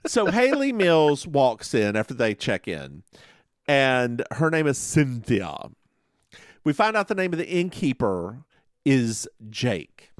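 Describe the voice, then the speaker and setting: A man's voice: mid-range voice, wildly swooping pitch, slow pace, no room sound. Guy cohosting a podcast, playful and jokey, dry close mic. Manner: playful, jokey, mimics characters. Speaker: podcast co-host. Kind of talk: casual chat recapping a TV episode. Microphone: close studio mic.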